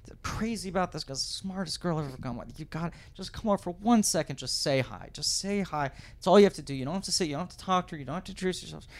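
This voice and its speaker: A man impersonating a flustered middle-aged comedian who stammers and begs, tripping over his words, in a soft low voice. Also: expressive, racing, few pauses. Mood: pleading.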